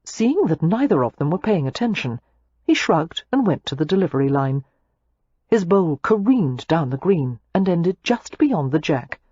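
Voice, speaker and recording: Expressive woman narrating an audiobook. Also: lowish voice, moderate pace, breathy edge, no echo, dull audio. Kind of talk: scripted narration.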